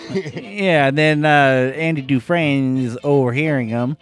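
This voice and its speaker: A man guesting on a casual movie podcast, retelling a scene with many pauses and fillers. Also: medium pitch, soft background music. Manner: hesitant, filler-heavy retelling.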